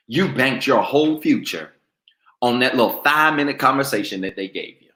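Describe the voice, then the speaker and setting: A man's voice: mid-range voice, animated, brisk, sharp tone, echoey room. A man preaching a sermon, calling on his congregation to talk back to him. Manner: call-and-response preaching, goading the congregation. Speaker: pastor.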